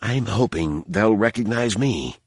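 A man voicing a grim, wounded male secret agent who talks in clipped, low lines. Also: lively intonation, unhurried, a little mellow, husky, no echo, studio quality, heavily acted. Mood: grim, terse.

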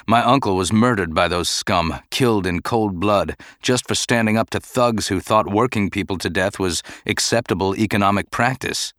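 A man's voice: lowish voice, moderate pace, hardly any pauses, a bit bright, no echo, clean studio sound, close to an everyday voice. A man reading an audiobook voices a grieving male senator who speaks in a bitter, indignant way.

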